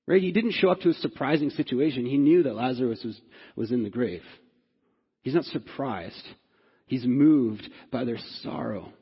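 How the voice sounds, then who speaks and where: An earnest male pastor preaching in a husky, breathy voice of middle pitch. His words ring out with a long reverb through a large hall. The sound is a little dull. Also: normal speed. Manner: earnest, repeats "right?" to the congregation; rises in pitch and force when stirred. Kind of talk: sermon.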